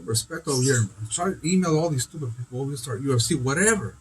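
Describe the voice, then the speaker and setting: A man with an ordinary, mid-pitched voice delivers a disjointed, profane monologue. He rambles from thought to thought and swears constantly, with his loudness and pitch jumping suddenly. Faint background noise sits under the voice. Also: lively intonation, fast, rough recording.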